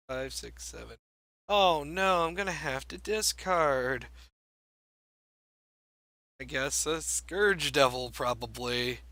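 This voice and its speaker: A man's voice: a little high, bright, forceful tone, no room sound. A young man giving wry, self-mocking commentary on a card game match as he plays, thinking aloud. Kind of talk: gameplay commentary.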